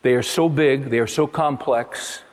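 A man preaching a sermon to his congregation, emphatic, with his voice climbing high on the points he stresses. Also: unhurried, in a large hall. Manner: emphatic, rising to high exclamations. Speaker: pastor.

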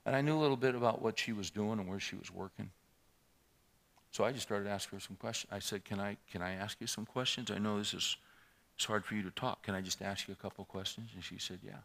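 Middle-aged guy pastor preaching, lowish voice but bright and forceful, loud then hushed. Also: steady tone, fast, vocal fry. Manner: loud preaching of scripture, dropping to quiet storytelling. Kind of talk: sermon.

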